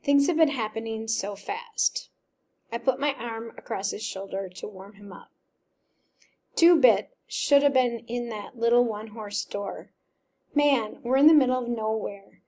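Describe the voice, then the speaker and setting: A woman's voice: on the high side, unhurried, a little mellow. A woman teacher reading a novel aloud and patiently sounding out words step by step.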